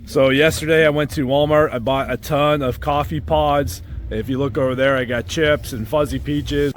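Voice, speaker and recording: A man hosting a casual vlog, chatting upbeat to a handheld camera while moving around indoors in rental houses. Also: fairly high pitch. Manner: upbeat, chatty, thinking aloud. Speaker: vlog host and short-term rental owner.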